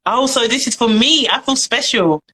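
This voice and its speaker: A woman's voice: on the high side, moderate pace, sharp tone, poor audio. A British woman hosting a casual live-stream chat, talking in a chatty, effusive, slangy way. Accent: British English. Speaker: host.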